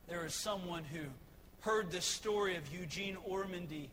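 High, bright-voiced preacher who shouts. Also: male voice, moderate pace, long reverb tail, noisy background. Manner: preaching with rising shouted emphasis; repetitive rhetorical questions. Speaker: pastor. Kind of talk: sermon.

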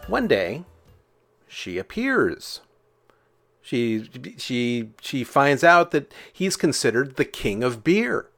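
A man casually telling folk tales, chatty and full of fillers, acting out sound effects as he goes. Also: medium pitch. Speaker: storyteller.

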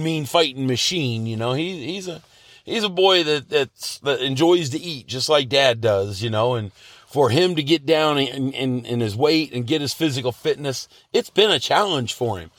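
A man in his fifties talks through a personal story as a podcast host, earnest and meandering, often restarting his sentences. His voice sits a little high for a man. The sound is dry, with no room echo. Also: a bit bright. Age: 50s. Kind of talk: casual motivational monologue.

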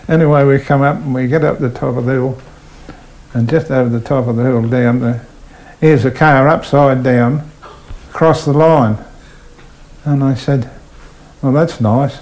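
An older Australian man recounts his railway days in an unhurried, storytelling voice. He slips into the voices of the people in his tales as he goes. His voice sits at an ordinary middle pitch for a man. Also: rough recording. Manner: animated yarn-spinner, voices people in his stories. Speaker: retired train driver. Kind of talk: oral history interview storytelling.

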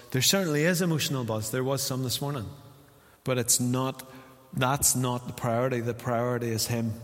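A man's voice: mid-range voice, fairly bright tone. Man, Northern Irish accent, pastor, sermon, chatty preaching with acted-out dialogue, long church-hall reverb. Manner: conversational preaching that acts out little dialogues.

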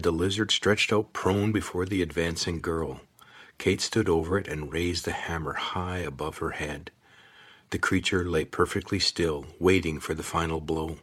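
A man narrating an audiobook in a steady, measured storytelling voice. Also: sits low, breathy edge.

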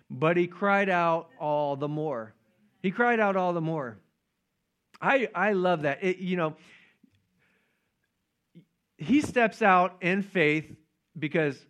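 A man's voice: a little high, a bit bright. A man preaching a casual, joking sermon and acting out the voices of Bible figures. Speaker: pastor.

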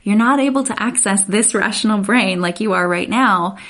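A woman's voice: medium pitch, moderate pace, fairly bright tone. An earnest woman in her thirties hosts a podcast and talks straight to her listeners, checking in often with a "right?". Her voice sits in a middle register, and she sounds encouraging as she gives family communication tips. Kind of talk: warm advice podcast talk.

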